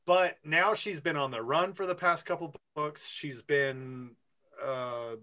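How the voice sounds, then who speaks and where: A man co-hosting a casual podcast about a book series, talking with lively enthusiasm. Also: slow pace. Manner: lively, enthusiastic, swings in pitch. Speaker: podcast co-host.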